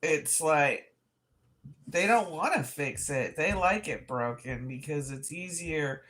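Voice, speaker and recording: A woman's voice: low-pitched, expressive, takes it slowly, fairly bright tone. A woman co-hosting a casual live-stream chat, talking in a wry, joking, plain-spoken way. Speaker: co-host.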